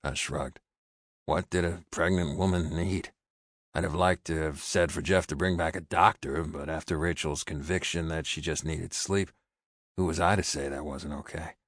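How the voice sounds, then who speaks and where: Male audiobook narrator, extremely deep voice, dry close sound, measured first-person read. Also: fairly even intonation, dry recording.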